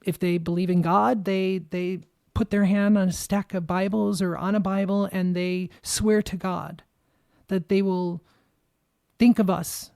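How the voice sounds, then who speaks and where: Gravel-voiced woman ranting on a podcast. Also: mid-range voice, fairly even intonation, measured pace, mellow, dry recording, studio quality. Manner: angry, emphatic, swears freely. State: shaking with anger. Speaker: podcast host. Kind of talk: impassioned political monologue.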